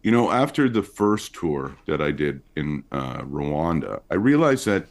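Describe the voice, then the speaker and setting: A male comedian from Montreal chatting as a podcast guest, telling stories in a loose, lively way with lots of fillers. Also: a little slow. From Montreal, Canada. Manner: chatty storyteller with lively pitch swings. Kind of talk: casual interview chat.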